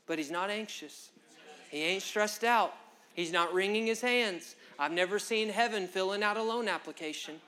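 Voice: medium pitch, lively intonation, moderate pace, pauses often, sharp tone. A preacher giving an impassioned, conversational sermon at a church service, talking straight to the congregation in folksy, direct phrasing.

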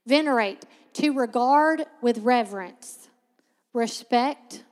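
A woman preaching a sermon as a Bible teacher, conversational but emphatic and slowing sharply to stress key words. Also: a little high, big-room sound.

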